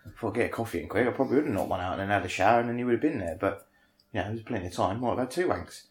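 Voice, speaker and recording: Low-voiced man telling a story. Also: animated, very fast. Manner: rambling, self-mocking, swears casually. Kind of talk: casual anecdote among friends. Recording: echoey room.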